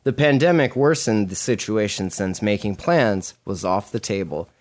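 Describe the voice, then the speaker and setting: A man co-hosting a casual podcast, reading articles aloud and dropping crude deadpan jokes between passages. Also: lowish voice, normal speed. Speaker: podcast co-host.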